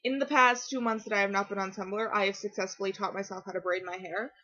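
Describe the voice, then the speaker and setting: Excitable teen girl vlogging, lo-fi sound. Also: mid-range voice, quick pace. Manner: rambling, excitable, many fillers and restarts. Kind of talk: casual chat to camera. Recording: dull lo-fi webcam audio.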